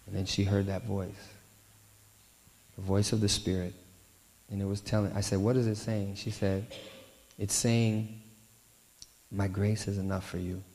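Man, pastor, low voice, sermon, soft-spoken storytelling, long hall reverb. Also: little pitch movement, measured pace, pauses often.

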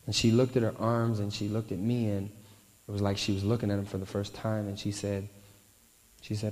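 A man preaching a sermon, telling a story and often softening his voice at tender moments. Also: fairly low pitch, little pitch movement, a little fast. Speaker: pastor. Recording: long hall reverb.

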